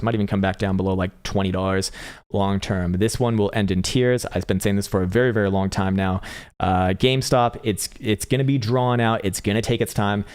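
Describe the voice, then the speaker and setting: A man from the States talks on a live stream in a loose, casual way, reading out viewer comments and swearing freely. His voice sits slightly low. He comes across as a relaxed young adult. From United States. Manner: profane, laid-back, reads viewer comments aloud. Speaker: livestream trading analyst.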